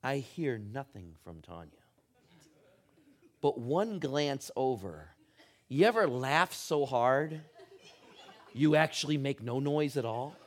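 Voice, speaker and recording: Animated male pastor telling a story. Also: mid-range voice, slow pace, pauses often. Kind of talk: sermon.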